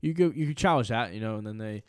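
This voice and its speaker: A man's voice: on the low side, animated, fast talker, clear, resonant tone, dry recording, studio quality. Chatty young man talking sports. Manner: chatty, many fillers and restarts. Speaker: podcast co-host. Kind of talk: casual sports chat.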